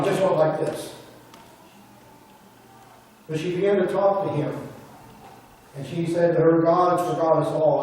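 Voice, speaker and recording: Preacher telling a story in a roomy church. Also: male voice, on the high side, dark tone, slight background noise. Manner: retells a story, quoting the people in it. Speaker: pastor. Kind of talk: sermon storytelling. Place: church sanctuary. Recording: roomy church audio from a distance.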